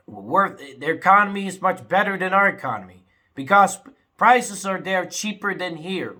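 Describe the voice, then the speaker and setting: A young man talking casually to his viewers, swinging between angry outbursts and low, sad muttering, full of "you know" and "man". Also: sharp tone. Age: young adult. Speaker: vlogger. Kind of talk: casual rant to camera.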